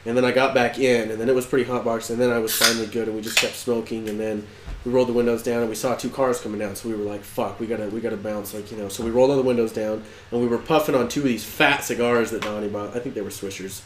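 A man's voice: medium pitch, steady tone, fast. A young man telling a long story in casual chat, swearing and quoting his friends as he goes. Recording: echoey room, faint noise.

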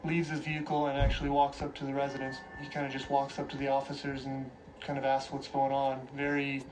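A male police detective recounting an investigation in a measured, steady way for a documentary. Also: mid-range voice, background noise. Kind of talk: documentary interview. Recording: distant mic with music bed.

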